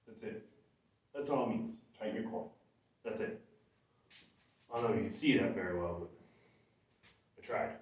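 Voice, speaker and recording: A man's voice: on the low side, lively intonation, normal speed, long pauses. A man lifting weights and talking casually about his workout, out of breath between sets. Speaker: gym vlogger. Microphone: camera from a distance. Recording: echoey room from far off, faint noise.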